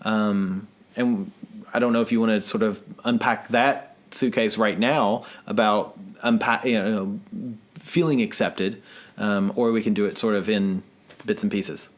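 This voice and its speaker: A man's voice: on the low side, fairly even intonation, unhurried. A man co-hosting a podcast from his living room, talking in a chatty, self-deprecating way and laughing often. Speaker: podcast co-host. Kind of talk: casual podcast chat.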